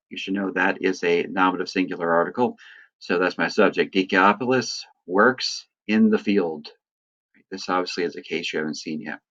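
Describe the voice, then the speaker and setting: A man teaching a lesson, talking through examples in a relaxed, explaining way with lots of "uh" and "right". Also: sits low, dull audio. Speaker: Greek teacher. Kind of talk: recorded lecture.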